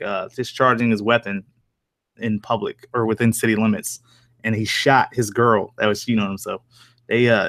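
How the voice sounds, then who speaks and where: A man's voice: mid-range voice, a bit bright, no echo. A man live-streaming from home with an accent that mixes New Jersey and Southern country, chatting casually with viewers in a loose, profane way with frequent chuckles. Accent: mix of New Jersey and American Southern country. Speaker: horror story narrator live-streaming. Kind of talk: casual live-stream chat, reading and answering viewer comments.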